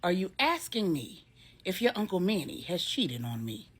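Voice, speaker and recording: A woman voicing a quiet, composed, faithful wife in a storybook reading. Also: lowish voice, very animated, moderate pace, breathy edge.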